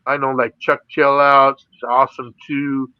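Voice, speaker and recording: A man's voice: medium pitch, little pitch movement, a little slow, clear, resonant tone, no room sound, lo-fi sound. A middle-aged man from the Philippines, an interview guest and radio DJ, telling his stories in a casual way, laughing often and saying "you know" a lot. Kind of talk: casual storytelling.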